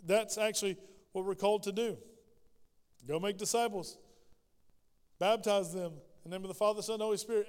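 A high, smooth male voice preaches in a church, switching into little acted voices for the prayers he quotes. His words ring out with a long hall reverb behind them. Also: a little mellow. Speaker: pastor. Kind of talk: sermon. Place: church sanctuary.

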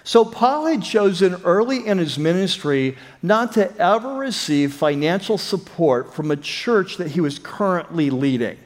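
Male pastor, high voice, chatty teaching sermon, long hall reverb. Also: animated, unhurried, few pauses. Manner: conversational, with frequent fillers and restarts. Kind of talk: expository sermon.

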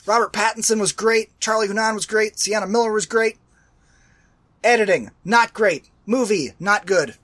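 A man's voice: high voice, moderate pace. A man co-hosting a casual movie-review podcast over a video call on a headset, ranting and swearing, and losing his voice. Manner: ranting, profane, shouts when angry. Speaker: podcast co-host.

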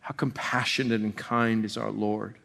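A man preaching an expository sermon in a conversational way, full of restarts, dropping soft and slow on tender passages. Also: fairly low pitch, flat delivery, gravelly. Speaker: pastor.

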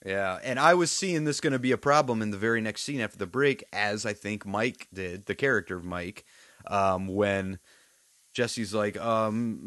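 A man's voice: lowish voice, normal speed, no room sound. A man co-hosting a casual chat, recapping a TV episode and acting out lines from it. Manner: relaxed, acts out character quotes. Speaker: podcast co-host.

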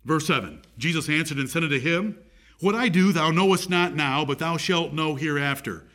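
Preacher guy, gets loud and emphatic, kinda high pitched. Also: normal speed. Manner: emphatic, rising in pitch and volume on key points. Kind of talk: sermon.

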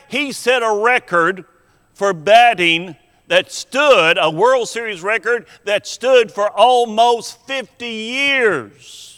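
Bright-voiced preacher in a reverberant hall. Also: male voice, extremely high pitch, smooth. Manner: storytelling with dramatic pauses and emphasis. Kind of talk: sermon.

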